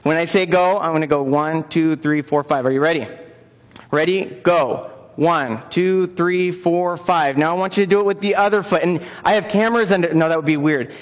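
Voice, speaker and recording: Speaking at a fairly high pitch and normal speed, a man presents an interactive lecture at a conference for personal trainers, upbeat and coaxing the audience to join in. He's in a large conference room, and the recording carries the long reverb of a conference hall.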